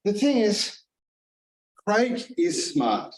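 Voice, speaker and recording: A man giving a humorous contest speech, with wry, deadpan asides. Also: very slow. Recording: echoey hall, distant mic, faint rumble.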